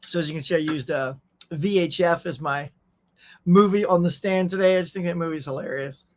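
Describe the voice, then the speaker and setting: A man's voice: fairly high pitch, a little fast. A man hosts a casual morning livestream, talking easily with his viewers. He reads their messages aloud and answers them in a loose, friendly chat, dropping plenty of y'alls. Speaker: host.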